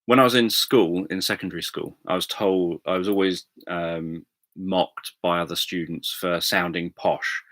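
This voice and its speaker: A man chatting casually on a livestream, rambling with many pauses and self-corrections. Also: low voice, steady tone, a bit bright, no echo. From England. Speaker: livestream host. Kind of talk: casual chat with viewers.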